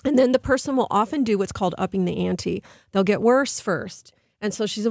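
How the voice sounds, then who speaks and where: A woman's voice: fairly quick, no echo, clean studio sound. A middle-aged woman talking earnestly as a guest on a radio interview, explaining behavior patterns with vivid quoted voices. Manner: earnest, acts out quoted voices with lively pitch jumps. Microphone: studio microphone.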